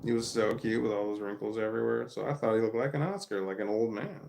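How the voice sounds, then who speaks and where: A man with a low, gravelly voice tells a long family story in loose, profane, rambling sentences, often restarting mid-thought. A faint hiss of noise sits under the recording. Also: quick pace, darkish tone. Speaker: vlogger telling a family story. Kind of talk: casual storytelling monologue.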